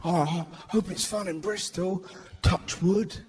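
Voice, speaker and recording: A man performing live stand-up, animated and sweary. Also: sits high, a little slow. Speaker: stand-up comedian. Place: large theatre stage. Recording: noisy live venue.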